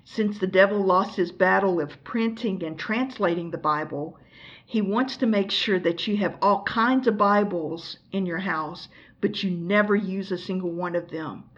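A woman's voice: medium pitch, a little slow, muffled recording. A woman from the United States giving an earnest, exhorting sermon and asking the listener pointed questions. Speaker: preacher. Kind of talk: recorded teaching sermon.

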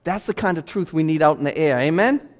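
A man preaching as pastor in a church, pressing his points with emphatic repetition. His voice sits high for a man. Long reverb rings off the sanctuary walls. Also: quick pace. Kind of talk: sermon.

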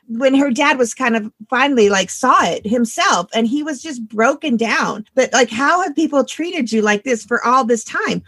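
A woman's voice: sits high, fairly bright tone, breathy edge, no echo, clean studio sound. A woman co-hosting a casual book discussion, talking passionately with sarcastic asides. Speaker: podcast co-host.

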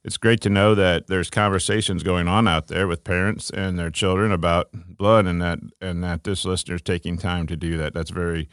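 A man co-hosting a casual faith podcast, thinking aloud with relaxed fillers and restarts. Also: deep voice, normal speed, few pauses, no room sound, studio quality. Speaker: podcast co-host.

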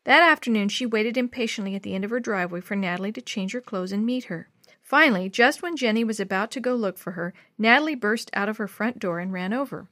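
A woman narrating a children's storybook in a gentle, expressive read-aloud manner. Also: medium pitch, fast talker, no echo, studio quality. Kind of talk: storybook reading.

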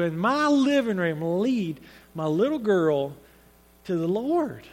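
A man's voice: high voice, sing-song, slow, a bit bright, long reverb tail. A man preaching a sermon, speaking in an earnest, conversational storytelling way with frequent restarts.

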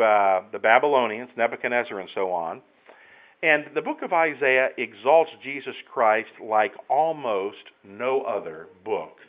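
Earnest preacher man, dull recording. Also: medium pitch. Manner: earnest, emphatic, rising to loud exclamations. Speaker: pastor. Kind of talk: sermon.

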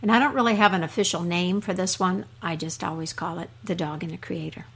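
A woman hosting a storytelling podcast, telling a folk tale in a soft, measured way. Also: lowish voice, fairly even intonation, breathy edge. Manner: slow, measured, soft delivery.

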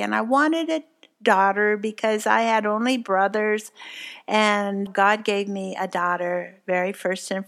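A woman's voice: medium pitch, fairly bright tone. A woman in her seventies teaching a devotional with tender, earnest encouragement and vivid personal stories. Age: 70s. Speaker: co-host, Bible teacher. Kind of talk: devotional talk, warm storytelling.

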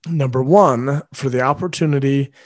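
A man's voice: mid-range voice, moderate pace, a little mellow, no room sound. Earnest man hosting a podcast, dry sound. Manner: earnest, speaks directly to listeners. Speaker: parenting podcast host; father. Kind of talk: solo podcast monologue.

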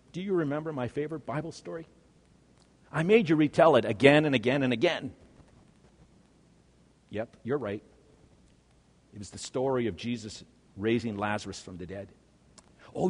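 A man preaching an earnest first-person monologue, swinging between hushed and loud passages. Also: on the high side, big-room sound.

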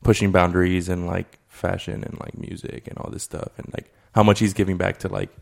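A man's voice: low voice, little pitch movement, brisk, vocal fry. A young man in casual chat with friends, talking loosely with plenty of "like" and swearing. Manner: loose, profane, filler-heavy talk with lots of "like".

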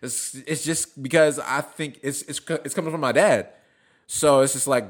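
A man's voice: medium pitch, moderate pace. A man in a casual podcast talk, telling a story with energy and swearing. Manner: animated storytelling, profane. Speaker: podcast host.

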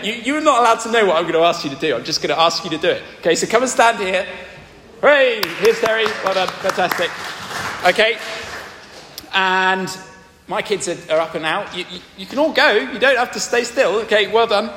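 Playful posh English vicar leading a family sermon; bright tone, long church reverb. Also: male voice, high voice, a little hiss or hum. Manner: playful, drawing in the congregation. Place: large church. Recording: echoey church hall.

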